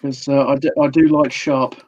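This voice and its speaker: A man's voice: mid-range voice, flat delivery, moderate pace, darkish tone. Wry man on a dull call line. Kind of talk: casual chat.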